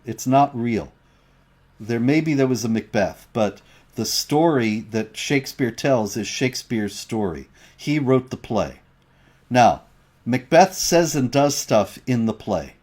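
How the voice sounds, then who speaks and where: A man's voice: medium pitch, darkish tone. Man lecturing emphatically on a livestream. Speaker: co-host of a livestream show. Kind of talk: livestream commentary, reading viewer chat.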